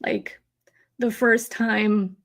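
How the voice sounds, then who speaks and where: A woman's voice: mid-range voice, fairly even intonation, very slow, fairly bright tone. A woman in her thirties hosting a live stream, chatting in a rambling, emotional way with many fillers and replying to chat. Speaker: host of a live theme park stream.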